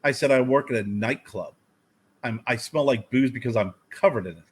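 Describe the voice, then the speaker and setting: Husky-voiced man telling profane stories. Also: mid-range voice, brisk. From United States. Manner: profane, animated storyteller who acts out his own past lines. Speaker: podcast co-host. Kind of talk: casual chat.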